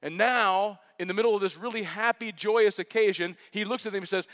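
A man with a high voice preaches to his church in a casual, joking way. He slows right down to stress his key phrases. The sound carries a long echo from a large hall. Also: a bit bright. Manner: casual, joking storytelling with slow emphatic phrases. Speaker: pastor. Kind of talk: sermon.

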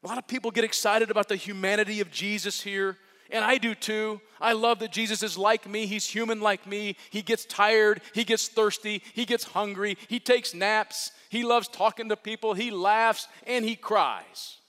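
A man with a high voice delivers an earnest sermon, dropping to near-whispers and then rising to emphatic peaks as he repeats key words. His voice rings out with the long reverb of a large church hall. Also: steady tone, normal speed. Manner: earnest preaching that swings from hushed to emphatic, with repetition. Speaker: pastor.

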